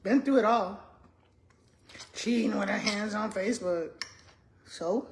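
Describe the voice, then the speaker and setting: A woman in her sixties talks to her viewers as she eats, calling them y'all and humming between bites. Her voice sits at an ordinary middle pitch. A faint hiss of noise runs under the recording. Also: unhurried, long pauses. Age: 60s. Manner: chatty, addresses viewers as y'all, hums and murmurs while chewing. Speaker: retired school principal. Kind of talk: casual chat while eating on camera.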